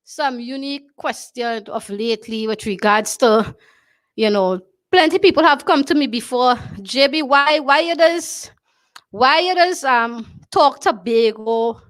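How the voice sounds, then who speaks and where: A woman's voice: on the high side, expressive, unhurried, fairly bright tone. A Trinidadian woman hosting a talk show, speaking emphatically, repeating her phrases and often asking "you understand?". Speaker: show host.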